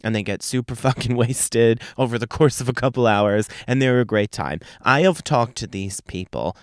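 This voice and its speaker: A man's voice: medium pitch, moderate pace, smooth, no room sound, clean studio sound. A young man hosting a podcast, telling a brash, foul-mouthed comic story with laughter mixed in. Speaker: podcast host. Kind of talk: profane comedic monologue.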